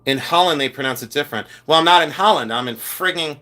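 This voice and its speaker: Campy and chatty, a man who collects jewelry and hosts a podcast talks about his collection on a live stream, lively as he answers comments from viewers. He has a fairly high voice and talks fast.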